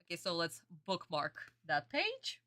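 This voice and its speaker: A woman's voice: on the low side, expressive, a little slow, sharp tone. A young adult woman streamer chatting casually as she reacts to a cartoon episode, calling her viewers sweeties and honey and answering their comments. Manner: talks back to chat comments.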